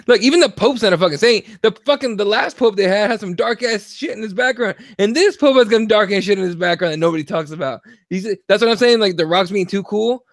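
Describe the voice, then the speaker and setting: Animated, profane young man, high voice. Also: fairly quick, no echo. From Mexico. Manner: profane, animated, acts out quotes. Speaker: podcast co-host. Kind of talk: casual opinion chat.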